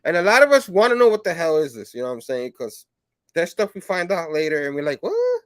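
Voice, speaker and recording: Male host, casual review chat, slightly raised pitch, rambling filler-heavy delivery, dry sound. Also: fast talker, dry recording. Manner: rambling, filler-heavy, animated when acting out quotes. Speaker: comic book show host.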